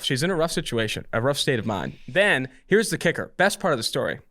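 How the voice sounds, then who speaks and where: A man, co-hosting a podcast and telling a long story in an animated, casual way. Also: medium pitch, fast talker, few pauses. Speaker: podcast co-host.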